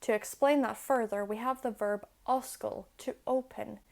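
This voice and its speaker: A young woman with a fairly high voice teaches a grammar lesson to camera. She explains patiently and clearly, one step at a time. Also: steady tone, normal speed, music in the background. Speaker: Irish language teacher. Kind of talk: video lesson.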